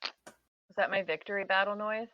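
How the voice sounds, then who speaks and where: A woman's voice: mid-range voice, steady tone, moderate pace, no echo. A woman playing a tabletop game, chatting in a playful, cheerful way. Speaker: player. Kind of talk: casual chat at a game table. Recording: slightly dull, lo-fi sound.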